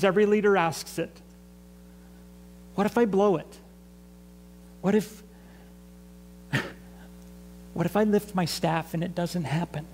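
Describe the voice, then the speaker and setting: A man with a high voice gives a sermon in a church sanctuary, taking his time and drawing the congregation in with questions. A faint electrical hum sits under the recording. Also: a little mellow, poor audio. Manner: conversational preaching, asks the congregation to respond. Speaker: pastor.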